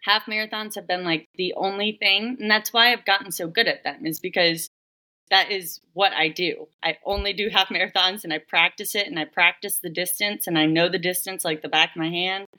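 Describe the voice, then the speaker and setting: A woman's voice: on the low side, steady tone, fairly quick, bright, forceful tone. A woman, a running coach, talking as a guest in a casual interview, chatty and giggly, with lots of "like".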